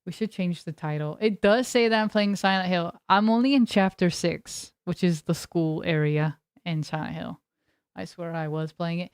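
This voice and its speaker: A woman's voice: fairly low pitch, normal speed, a little mellow, clear, resonant tone, no room sound, clean studio sound. A young adult woman streaming as a variety streamer, chatting casually with her viewers in a rambling, talkative way and laughing often. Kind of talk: casual chat with live viewers.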